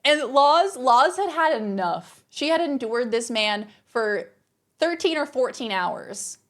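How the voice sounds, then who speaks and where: A woman streamer telling a story to her live chat in a lively, exasperated way, swearing freely. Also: sits high, slow pace. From Australia.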